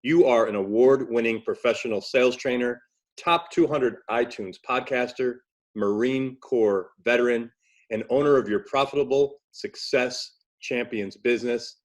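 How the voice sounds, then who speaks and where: A man's voice: medium pitch, normal speed. A man of about fifty hosts a podcast with a New York accent. He sounds enthusiastic, with a mid-range voice, and opens with announcer-style introductions. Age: 50s. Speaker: podcast host. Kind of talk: casual podcast interview.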